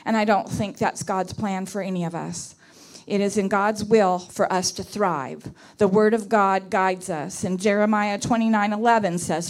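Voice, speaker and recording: A woman delivers an earnest prayer message at a church conference. She speaks at a middle pitch, often restarting her phrases and stacking words for emphasis. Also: steady tone, moderate pace.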